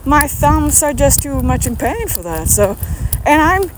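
High-pitched woman fitness coach, rambling motivational vlog talk, outdoors with traffic noise clearly behind. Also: very animated, unhurried. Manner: rambling, emphatic, asks many questions.

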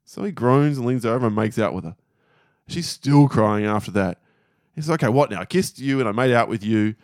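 A man's voice: mid-range voice, animated, fairly quick, no echo, studio quality. A middle-aged man, co-hosting a podcast and reading out listener jokes with frequent laughter. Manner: laughs often, swears casually. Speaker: podcast co-host. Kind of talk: casual chat, reading listener jokes aloud.

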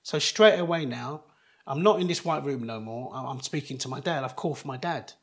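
Earnest middle-aged man, halting. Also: mid-range voice, fairly bright tone. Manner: earnest, halting, many restarts. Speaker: guest, DJ. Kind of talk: personal storytelling in an interview.

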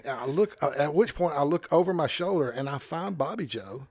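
A man who is a pastor, telling a story in casual podcast talk. He is animated, breaks off mid-sentence and chuckles as he goes. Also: a little high, brisk, hardly any pauses, dry recording, clean studio sound. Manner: animated, self-interrupting, chuckles through his story.

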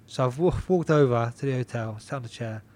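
A young pro boxer, appearing as a podcast guest, tells a story in casual chat, swearing in nearly every sentence. He is animated, laughs a lot, repeats himself, and keeps the story lively. His voice has an ordinary middle pitch for a man and moves fairly quickly.

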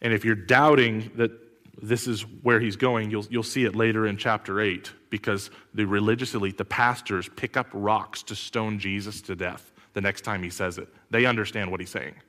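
A man preaching a sermon as pastor, animated and full of rhetorical questions, with sudden loud bursts. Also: lowish voice, moderate pace. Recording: long hall reverb.

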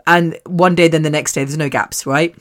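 Talking directly to listeners on her solo podcast, a British woman uses a voice that sits low for a woman, keeping a steady tone and moderate pace. She's chatty and candid, rambles, mocks herself and swears in passing.

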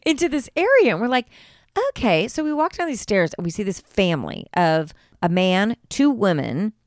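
Animated woman podcaster telling a story, pitch all over the place, dry close sound. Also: normal speed, dry recording. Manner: animated storytelling, swearing, acting out quotes. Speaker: podcast co-host. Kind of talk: casual chat.

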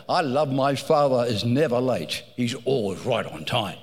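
A man's voice: mid-range voice, a little slow, long reverb tail. A man preaching a sermon, telling stories with animation and repeating phrases for emphasis.

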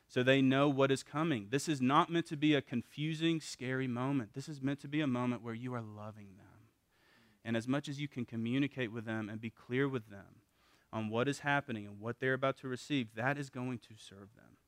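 A man's voice: medium pitch, a little fast, dry recording. Dry-voiced man teaching parents. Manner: animated, acts out parents' and kids' quotes in a raised voice; casual, with repeated words and restarts. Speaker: parenting seminar speaker. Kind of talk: conversational teaching talk.

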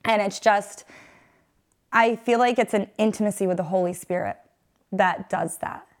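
A woman's voice: mid-range voice, normal speed. Earnest rambling woman sharing her faith. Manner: earnest, rambling, many fillers and restarts. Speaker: interview guest. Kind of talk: personal faith testimony in conversation.

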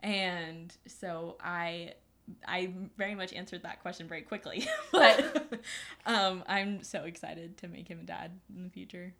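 Young woman guest, warm gushing chatter, laughs often. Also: lowish voice, steady tone, measured pace, gravelly. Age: young adult. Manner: gushing, giggly, lots of fillers. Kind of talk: casual chat.

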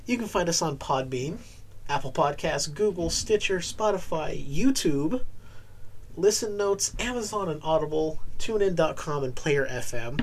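A man hosting a podcast, chatting loosely, laughing often, then reading off the show's links and plugs in a steady run. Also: a little high, a little hiss or hum, low-quality recording. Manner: relaxed, laughs often, lists links in a steady promo read. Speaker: podcast host. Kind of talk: casual chat and show outro.

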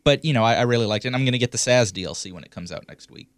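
A man's voice: medium pitch, racing, no echo. Co-host, male, mid voice, hesitant and easygoing, dry close mic. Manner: hesitant, lots of ums and softened opinions. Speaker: podcast co-host. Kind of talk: casual podcast chat.

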